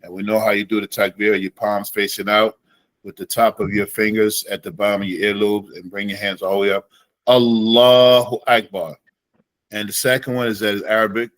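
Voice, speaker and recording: A man teaching an Islamic studies class in a relaxed way, slowing down to demonstrate Arabic phrases. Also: lowish voice, no room sound, rough recording.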